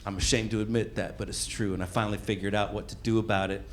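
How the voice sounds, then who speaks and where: A man's voice: on the low side, level tone, fast talker, a little hiss or hum. Brash crude stand-up comic man. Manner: brash, crude, puts on voices for punchlines. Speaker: stand-up comedian. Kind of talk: stand-up comedy set. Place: comedy club stage before a live audience. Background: audience laughter.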